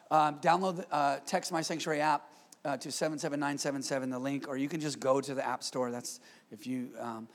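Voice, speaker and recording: A man preaching as a pastor, energetic with joking asides and calls for amen from the congregation, in a church. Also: fairly high pitch. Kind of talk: sermon. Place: church sanctuary. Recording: long hall reverb.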